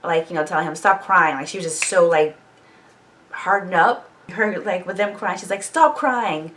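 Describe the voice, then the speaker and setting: A woman with a low-pitched voice rambles through a TV episode recap in a casual reaction vlog. She is animated and swears freely. She sits a little back from the microphone. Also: moderate pace, recorded from a distance, slight background noise. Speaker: TV show reaction vlogger.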